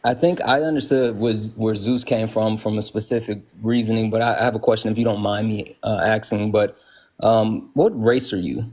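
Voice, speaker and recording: A man's voice: lowish voice, steady tone, a little fast, darkish tone. A man hosting a live stream who talks in an earnest, urgent way and often restarts his sentences. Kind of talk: casual live stream chat.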